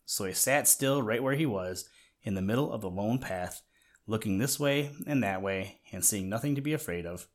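A man reading a children's storybook aloud in a gentle way, talking to the listener now and then. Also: fairly low pitch, animated, moderate pace. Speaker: narrator.

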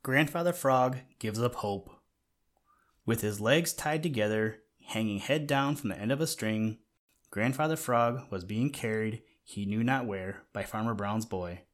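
A man reading a children's storybook aloud in a gentle way, talking to the listener now and then. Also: fairly low pitch, measured pace. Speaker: narrator.

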